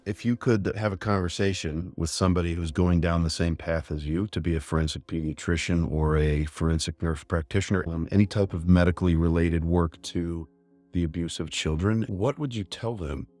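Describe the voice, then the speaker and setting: A man's voice: sits low, fairly even intonation, fairly quick, a little mellow, dry recording. A man hosting a podcast, asking thoughtful, long-winded questions of his guest. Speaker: podcast host. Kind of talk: interview questions.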